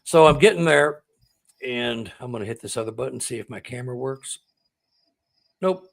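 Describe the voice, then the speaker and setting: A male author, a guest in a conversation, telling a personal story in an emotional, excitable way, choking up at times and repeating words when moved. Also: mid-range voice, normal speed, gravelly. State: close to tears.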